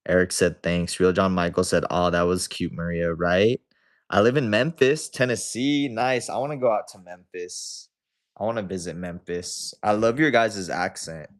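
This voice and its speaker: A young man with a deep, low voice hosts a casual livestream. He reads viewer comments aloud and answers them in a relaxed, chatty way. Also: normal speed. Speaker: livestream host.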